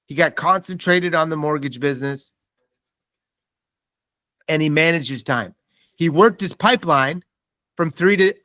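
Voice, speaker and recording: Animated male sales trainer, dry sound. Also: a little high, no echo. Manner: animated storytelling with quoted dialogue. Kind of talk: motivational seminar talk.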